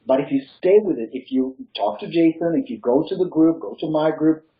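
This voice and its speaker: A man with a slight foreign accent, a non-native English speaker, gives motivational advice in a casual interview. His voice sits somewhat high for a man. The lo-fi call audio sounds a little dull. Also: fairly quick. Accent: Eastern European. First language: not English. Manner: emphatic, motivational, laughs easily. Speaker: real estate coach, guest.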